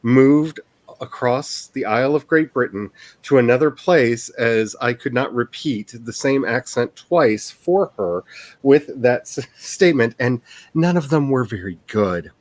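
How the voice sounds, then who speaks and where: A man's voice: mid-range voice, lively intonation, unhurried, dry recording. A man who writes books, hosting a casual stream chat in a rambling, self-deprecating way and laughing often.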